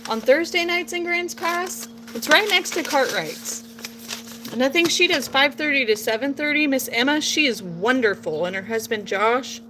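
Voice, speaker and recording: The recording is low quality with a little hiss or hum, and her voice is high-pitched and a bit bright. This late-thirties vlogger from Portland, Oregon rambles folksily as she crafts outdoors at home, her phone close by, sometimes adopting a playful southern drawl.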